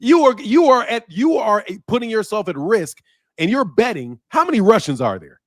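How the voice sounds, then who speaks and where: A man's voice: high-pitched, sing-song, moderate pace, dry recording, clean studio sound. A man hosting a casual talk show, speaking bluntly and profanely and laughing at his own points. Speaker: show host. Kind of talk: casual podcast chat.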